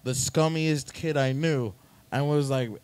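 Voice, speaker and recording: Profane, animated storyteller man, slightly high. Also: unhurried, clear, resonant tone, dry recording. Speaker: podcast host. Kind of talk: casual storytelling.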